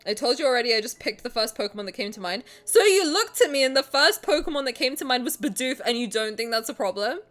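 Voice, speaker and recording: Lively young woman streamer. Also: on the high side, fast talker, few pauses. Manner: animated, joking, swears, breaks into giggles. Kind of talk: casual livestream chat, reading game text aloud. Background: faint game music.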